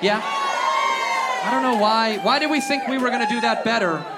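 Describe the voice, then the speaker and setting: High-voiced American man doing loud stand-up. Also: moderate pace. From United States. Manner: loud, animated, profane rants with acted-out quotes. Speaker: stand-up comedian. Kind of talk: stand-up comedy set. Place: comedy club stage with a laughing audience. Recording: live club recording, crowd laughter and noise.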